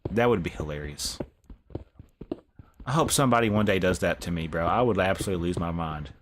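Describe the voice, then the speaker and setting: A young man talks loosely over his gameplay, cursing and tossing in bro. His voice sits a little low. Steady noise and clicks run under it. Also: fairly quick. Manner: laid-back, swears, says bro a lot. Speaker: live streamer. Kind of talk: casual gameplay commentary.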